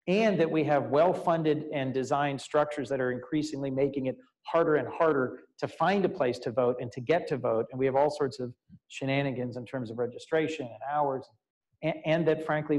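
A man in his fifties, a senator giving a public talk, telling an animated personal story with casual fillers. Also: mid-range voice, rough recording. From United States. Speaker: U.S. senator, guest speaker. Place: law school lecture event, indoors.

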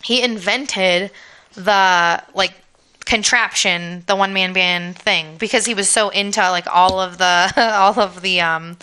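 Podcast cohost lady, bright smooth voice, deadpan goofy storytelling. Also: mid-range voice, a little slow. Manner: playful, deadpan made-up storytelling. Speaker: podcast co-host. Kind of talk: improvised comedic chat.

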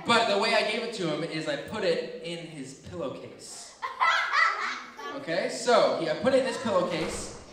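A young man telling children a funny story from his childhood, animated and acting out screams and voices. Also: high-pitched, normal speed, noisy background. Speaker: children's ministry speaker. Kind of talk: storytelling to kids. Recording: echoey hall from far off.

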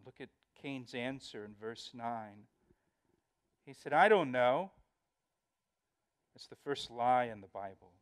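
A man's voice: mid-range voice, fairly even intonation, unhurried, smooth. A male pastor giving a verse-by-verse Bible study, earnest and emphatic, often repeating words as he explains.

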